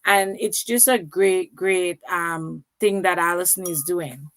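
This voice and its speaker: A woman's voice: lowish voice, slow. A woman in her thirties from Canada, a guest telling her story in casual interview chat and acting out the dialogue she quotes.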